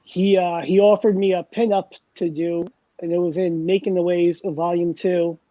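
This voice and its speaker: A man's voice: sits high, little pitch movement, normal speed, no echo, dull audio. A man hosting a casual chat and telling long, rambling, self-deprecating anecdotes, wired on coffee. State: over-caffeinated. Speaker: host.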